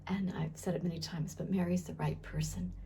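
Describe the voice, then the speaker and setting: A woman teaches scripture in a relaxed, conversational way. She thinks aloud, often restarts and repeats words, and keeps putting questions to her listeners. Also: fairly low pitch, brisk, creaky, a little hiss or hum. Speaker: Bible teacher. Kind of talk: casual Bible teaching.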